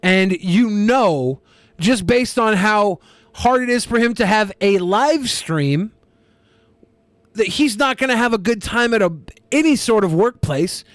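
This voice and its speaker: A man co-hosting a podcast in casual chat, blunt and quick to swear, often repeating words as he starts a thought. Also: high voice, expressive, dry recording. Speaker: podcast co-host.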